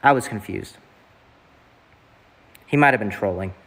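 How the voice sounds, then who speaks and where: A man's voice: on the low side, unhurried, a bit bright, slightly rough. Rambling young man streamer. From Southeast US. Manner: rambling, swears a lot, fillers. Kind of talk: casual stream chat.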